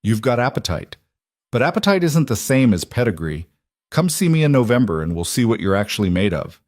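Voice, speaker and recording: A man voicing a powerful older man who speaks in a measured, condescending way. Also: mid-range voice, sing-song, dry recording, clean studio sound, lightly acted. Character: old powerful man, blunt, patronizing.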